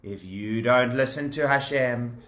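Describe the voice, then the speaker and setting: Man doing a stern storybook prophet with a slow, emphatic warning and a bright voice, in an echoey room. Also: medium pitch, pitched below the performer's own voice, close to an everyday voice. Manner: warning, drawn-out emphatic delivery. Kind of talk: children's storytelling.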